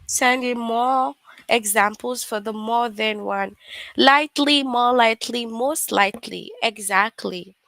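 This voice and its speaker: Online class teacher, woman, unhurried and patient, dry close sound. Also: fairly high pitch, fairly bright tone, dry recording. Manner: patient, repeats examples slowly.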